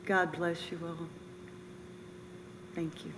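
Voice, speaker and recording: Older woman, earnest halting memorial speech. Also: fairly low pitch, flat delivery. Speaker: bereaved military mother giving a memorial speech. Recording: reverberant room with faint noise.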